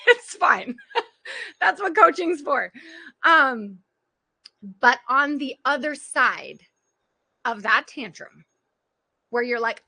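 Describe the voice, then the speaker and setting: Bright high-voiced woman coaching. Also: animated, measured pace, long pauses. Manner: earnest, direct address to listeners, frequent laughter. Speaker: parenting and life coach. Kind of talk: motivational coaching talk on a group call.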